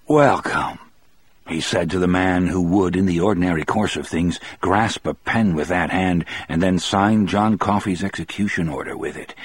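A man narrating a novel in the first person in a measured, even storytelling manner. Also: sits low, breathy edge. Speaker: audiobook narrator.

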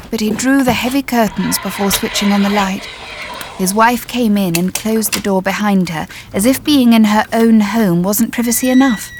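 A woman narrating a story in the first person, measured and tense. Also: mid-range voice, a little hiss or hum. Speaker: audiobook narrator.

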